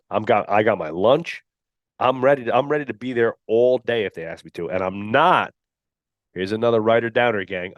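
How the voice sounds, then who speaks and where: A man with a lowish voice delivers a blunt coaching monologue as a podcast host, hammering his points home. He is recorded dry and close, with no room sound. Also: dry recording. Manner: blunt, emphatic, peppered with "all right"; mocks candidates in put-on whiny voices. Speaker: podcast host and gym owner.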